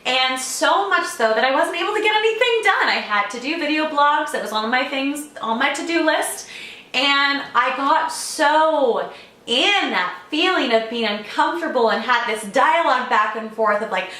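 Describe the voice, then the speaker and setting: Chatty high-voiced woman vlogger. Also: lively intonation, moderate pace, sharp tone, reverberant. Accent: playful put-on accent early on. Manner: chatty and upbeat, addressing viewers as friends. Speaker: vlogger and purpose coach. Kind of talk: casual video blog talk to camera.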